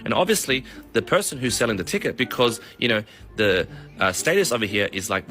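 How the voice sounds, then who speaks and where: A man on a comedic, profane rant, telling a long analogy in an animated way. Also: lowish voice, a little fast, soft background music. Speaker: vlogger.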